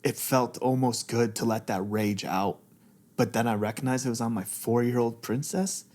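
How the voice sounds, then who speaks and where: A man's voice: medium pitch, moderate pace, darkish tone. A man in his thirties, a podcast guest, talking candidly and emotionally, close to tears and swearing freely. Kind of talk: candid conversation.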